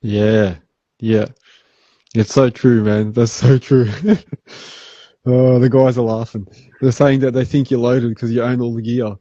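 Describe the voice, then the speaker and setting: An Australian man hosting a podcast, chatting casually and laid-back, acting out customers in quick asides. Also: mid-range voice, level tone, mellow, no echo, highs cut off. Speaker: podcast host.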